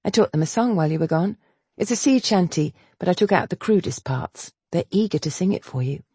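A calm, caring young governess who soothes and teases, as a woman voices her. Her voice rises soft and light with a breathy edge, set close and dry. She sounds like a period romance audiobook heroine. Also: fairly low pitch, a little fast, no echo. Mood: cheerful.

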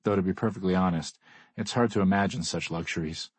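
A man's voice: low-pitched, fast, breathy edge, dry recording. A man reading a first-person audiobook in a wry, dry way. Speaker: audiobook narrator. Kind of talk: scripted first-person narration.

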